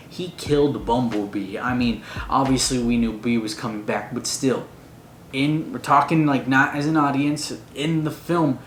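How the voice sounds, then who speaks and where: Male movie reviewer, mid pitch, gushing fan energy, echoey room. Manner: gushing, excitable fan talk with slang. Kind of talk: casual spoiler review. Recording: roomy echo, faint noise.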